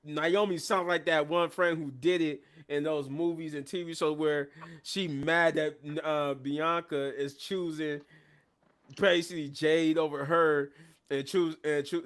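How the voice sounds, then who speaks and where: A man casually recapping a wrestling show, excitable and rambling, often laughing at the action. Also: on the high side, a little slow, a little hiss or hum. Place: at his workplace.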